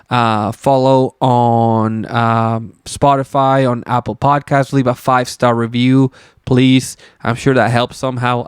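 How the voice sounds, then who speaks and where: Smooth-voiced man rambling on a podcast. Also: medium pitch, darkish tone, dry recording, clean studio sound. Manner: rambling, loose, filler-heavy and swearing. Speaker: podcast host. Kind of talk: casual solo podcast chat.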